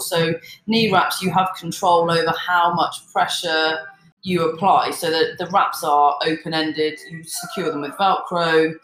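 A woman's voice: sits low, a bit bright, slight background noise. Hesitant woman co-host, echoey room. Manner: hesitant, many ums. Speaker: fitness podcast co-host. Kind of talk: casual chat. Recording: roomy echo.

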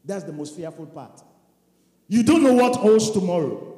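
Impassioned male preacher, high voice, big swings from loud to quiet, long hall reverb. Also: sing-song, normal speed. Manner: impassioned, swings from shouts to hushed tones, acts out prayers. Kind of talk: fiery sermon. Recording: echoey hall.

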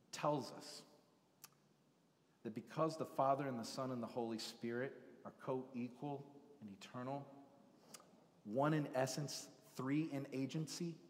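A male pastor preaching a sermon, animated, acting out biblical voices and swinging from loud to hushed. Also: mid-range voice. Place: church sanctuary. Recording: long church hall reverb.

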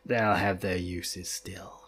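A man's voice: sits low, level tone, slow, a bit bright, breathy edge, pitched below the performer's own voice, heavily acted. A man doing a raving vengeful villain. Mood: menacing. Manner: snarling, raving. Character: menacing deranged male villain, vengeful and cackling. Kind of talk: dramatic book reading.

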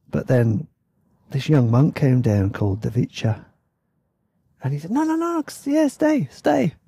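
Yorkshire podcast host, dark gravelly voice, loose chatty storytelling, dry close sound. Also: male voice, mid-range voice, dry recording. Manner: rambling, chatty, self-deprecating asides. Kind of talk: casual travel storytelling.

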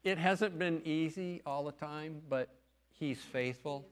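A man's voice: a little high, takes it slowly. A middle-aged man, a farmer and lay preacher, giving an earnest, folksy testimony talk in church with emphatic stresses.

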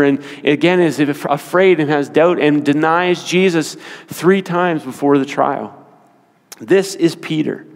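Guy preaching in church, kinda high voice, big echoey hall, repeats stuff slow to drive it home. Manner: emphatic, repeats phrases slowly for weight. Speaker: pastor. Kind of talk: sermon. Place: church sanctuary. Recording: long hall reverb.

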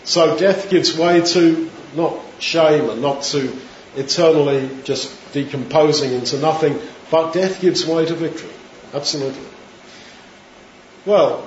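A male preacher tells a Bible story in lively, everyday words. His voice sits somewhat high for a man. The recording is roomy and muffled, with a faint hiss behind it. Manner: animated storytelling, retelling scripture in his own words. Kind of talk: sermon. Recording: echoey room, dull lo-fi sound, faint hiss.

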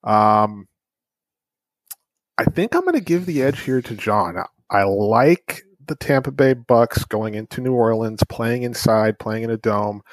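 A man's voice: on the low side, no echo. A man hosting a casual sports podcast, talking in a laid-back, rambling way. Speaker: podcast host.

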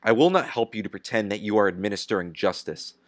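A man's voice: fairly low pitch, expressive, no echo, clean studio sound, natural voice. A man voicing a grave, unyielding industrialist. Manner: grave, measured and firm. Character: defiant steel industrialist on trial, calm and unyielding. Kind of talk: audiobook character reading.

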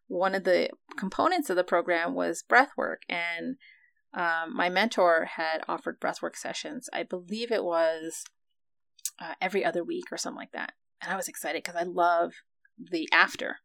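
A woman with a lowish voice and a gravelly fry shares a personal story about her breathwork practice. She talks casually and reflectively, often acting out her own past reactions. The sound is dry and close. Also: no room sound. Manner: reflective, animated quoting of her own reactions, frequent fillers and laughs.

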